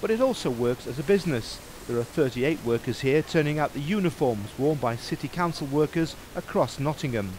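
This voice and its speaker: A man's voice: on the high side, expressive, brisk, hardly any pauses, a little mellow, a little hiss or hum. A male TV presenter narrating a local business show and bantering with his co-host. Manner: chatty, teasing banter with co-host.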